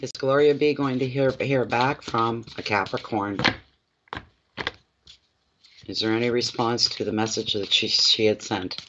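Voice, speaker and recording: A man giving live tarot readings in a plainly pitched voice, talking straight to his viewers and circling back over his own phrases. The sound is dull and lo-fi. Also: steady tone, a little slow, long pauses, noisy background. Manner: repeats phrases, speaks directly to viewers by name. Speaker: tarot reader.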